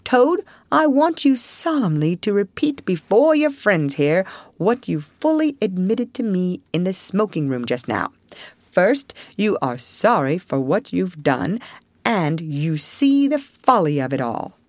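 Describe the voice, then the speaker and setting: A woman voices a stern, solemn male badger from a storybook, lecturing firmly with a raised, forceful pitch. The recording is dry and close. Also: sing-song, a little slow, no echo. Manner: solemn, firm, scolding.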